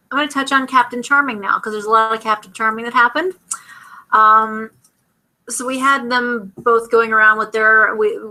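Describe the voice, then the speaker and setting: A young American woman casually recapping a TV episode, rambling and acting out the characters' lines in quick asides. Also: medium pitch, sharp tone, low-quality recording. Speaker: vlogger.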